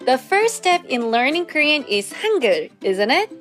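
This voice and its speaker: Lively slow-paced woman teaching Korean. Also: sits high, soft background music. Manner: slow, clear teaching with repeated drills. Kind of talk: scripted language lesson.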